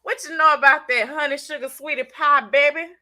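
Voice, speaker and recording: A woman's voice: sits high, fairly even intonation, fairly quick, bright, forceful tone. A congested woman with a Southern US accent, hosting a casual live stream, chatting in slang and teasing viewers by name. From Southern United States. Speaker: channel host reading live chat.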